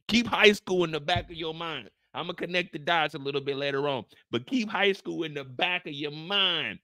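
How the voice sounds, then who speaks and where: A man giving animated, slangy recap commentary, acting scenes out as he goes. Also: on the high side, moderate pace, hardly any pauses, no room sound, studio quality. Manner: emphatic, slangy, acts out scenes. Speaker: show recap host.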